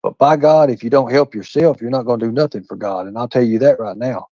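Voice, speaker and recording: A man holds forth on his own livestream, blunt and profane, leaning on folksy phrases and preaching between the curses. His voice is dark and mellow. The sound is dry and a bit dull, like a lo-fi home stream. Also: mid-range voice, fast, no echo. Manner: folksy Southern-style phrasing with "by God" and "ain't". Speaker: livestream host. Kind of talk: heated livestream rant.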